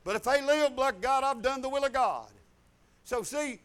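A man, a pastor telling a testimony in a conversation, folksy and animated, chuckling as he goes. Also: very high voice, normal speed, clear, resonant tone.

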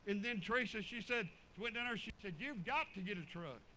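A man preaching, telling folksy stories in an animated, drawling way. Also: high-pitched, a little fast, slight background noise, poor audio. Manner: animated, drawling storyteller with chuckles. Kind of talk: folksy sermon storytelling.

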